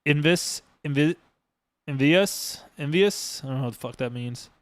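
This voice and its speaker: Streamer host, man, raised pitch, smooth clean tone; casual, profane, rambling delivery. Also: measured pace, no room sound. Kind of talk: casual podcast monologue.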